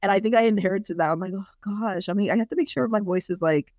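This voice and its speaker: A woman co-hosting a podcast in casual chat, telling stories in a chatty way with lots of fillers; her voice can run a little deep. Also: rapid-fire, a little mellow, no echo, studio quality. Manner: chatty, leans hard on "like", storytelling. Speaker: podcast co-host.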